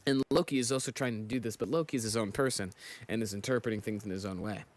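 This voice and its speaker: A man's voice: on the low side, fast, a little hiss or hum. A man reacting casually on a live stream, thinking aloud and talking to his chat while yawning. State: sleepy, yawning. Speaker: streamer reading manga live.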